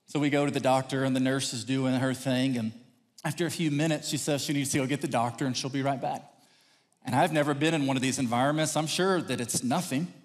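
Pastor from Texas, male, fairly high voice, animated sermon storyteller, long hall reverb. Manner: animated, acts out quotes in raised voice.

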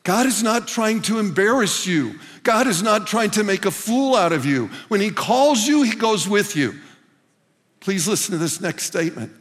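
A pastor with a high, sing-song voice preaches at a moderate pace to a congregation in a church hall. He earnestly repeats phrases for emphasis and calls his listeners "guys." The large hall gives a long reverb.

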